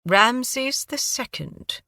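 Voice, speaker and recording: A man's voice: very high-pitched, expressive, drawn-out words, sharp tone, no room sound, clean studio sound, voice pushed up, exaggerated voice. A woman doing an urbane British scholar. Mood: learned. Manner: urbane, self-deprecating. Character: refined British-raised male scholar, wry.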